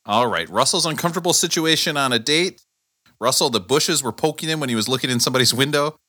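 A man hosting a podcast with a bright voice and a lively, bouncing pitch. He jokes around in casual chat and laughs often. His delivery is quick to riff and tease. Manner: animated, jokey, laughs often. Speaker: podcast host.

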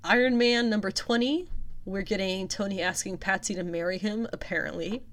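A woman's voice: medium pitch, fairly even intonation, normal speed. A woman casually reading out upcoming comic releases, with chatty, wry asides between listings. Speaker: comics news vlogger.

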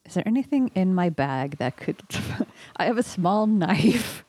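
A woman playing a tabletop game, joking and unhurried. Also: fairly low pitch, lively intonation, warm tone, dry recording. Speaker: player.

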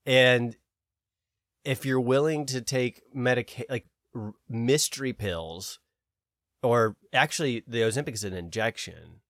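A man's voice: mid-range voice, unhurried, no room sound. A man co-hosting a podcast, talking in a loose ranting way and swearing often. His voice sits in the middle range. The sound is dry and close. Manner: ranting, animated, swears freely. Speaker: podcast co-host. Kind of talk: casual podcast chat.

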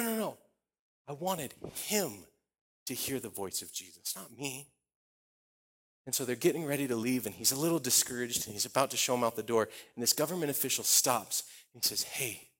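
A man's voice: mid-range voice, slightly rough. A missionary man telling a story from a church stage, acting out the other people's lines as he goes. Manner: animated storyteller acting out dialogue. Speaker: visiting missionary speaker. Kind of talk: sermon storytelling.

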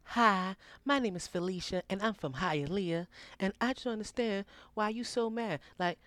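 A man's voice: sits high, moderate pace, fairly bright tone, dry recording, voice pushed up. A man voicing a puzzled young female caller who asks blunt questions casually.

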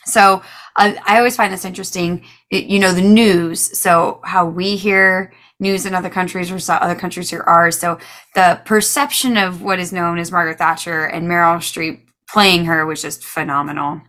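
A woman from the United States co-hosting a podcast, chatting casually in an animated, exclamatory way with frequent laughs. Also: fairly low pitch, normal speed. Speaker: podcast co-host. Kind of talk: casual chat.

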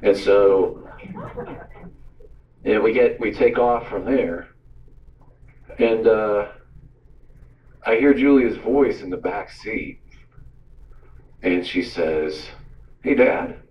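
A man's voice: lowish voice, drawn-out words, pauses often. A man who works as a radio host gives a teaching talk, telling stories and acting out the voices in his quotes. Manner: storytelling, animated, acts out quotes. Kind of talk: sermon-style teaching talk. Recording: roomy, distant, dull sound.

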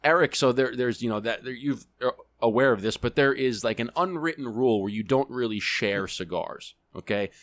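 Relaxed male podcast guest telling stories. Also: mid-range voice, no room sound. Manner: relaxed, unhurried, with fillers and restarts. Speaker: guest, actor and cigar enthusiast. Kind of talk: casual storytelling.

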